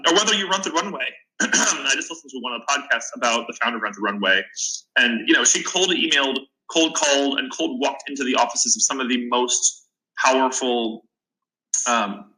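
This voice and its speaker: A man's voice: mid-range voice, bright, forceful tone, rough recording. A man in his twenties, a podcast guest and startup founder, giving earnest advice in a casual interview, often restarting his sentences. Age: 20s.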